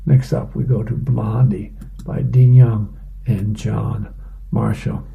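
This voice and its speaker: A man reading the newspaper aloud in a plain, unhurried way for a reading program. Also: fairly low pitch, flat delivery, gravelly, narrow, tinny audio.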